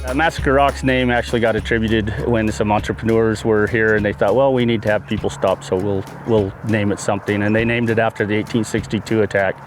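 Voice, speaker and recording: A man working at a state park, explaining it plainly and slowly outdoors with a few fillers. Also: fairly low pitch, fairly even intonation, soft background music. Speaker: park staff member. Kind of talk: interview answers.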